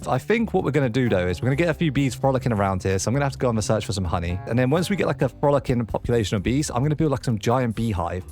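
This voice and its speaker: A man hosting a let's play, giving excitable gameplay commentary and chatting to the animals in the game. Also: medium pitch.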